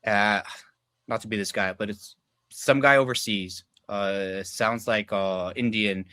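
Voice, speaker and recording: A man's voice: on the low side, fairly even intonation, unhurried, bright, forceful tone, smooth, no room sound. A young adult man, a podcast guest, telling personal stories in a loose, casual way, swearing freely, leaning on filler words and acting out what people said. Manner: loose and profane, heavy filler words, acts out quoted dialogue. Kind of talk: casual storytelling chat.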